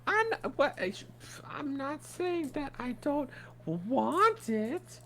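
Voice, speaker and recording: A man's voice: extremely high pitch, big pitch swings, slow, pushed and bright, a little hiss or hum, voice pushed up, heavily acted. A man voicing a timid young child who haggles hesitantly and politely, with many fillers. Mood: pleading.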